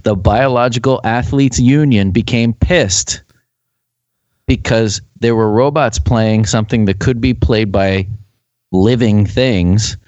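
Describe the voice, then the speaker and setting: A man's voice: lowish voice, takes it slowly, no room sound, lo-fi sound. A man hosting a casual podcast chat, laughing as he tells a story. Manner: animated, laughing storyteller explaining lore. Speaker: podcast host.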